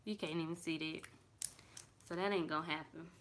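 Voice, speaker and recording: A woman's voice: low voice, steady tone, brisk. Chatty young woman doing makeup. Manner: chatty, talks to viewers as y'all, thinks aloud while working. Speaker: beauty vlogger. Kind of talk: casual makeup tutorial chat. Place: her bedroom. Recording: clear background noise.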